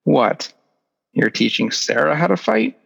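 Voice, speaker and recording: A man's voice: fairly high pitch, big pitch swings, a little slow, creaky, fairly bright tone, breathy edge, full character voice. A man playing a nervous, joking young man. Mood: uneasy. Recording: echoey, dull lo-fi recording.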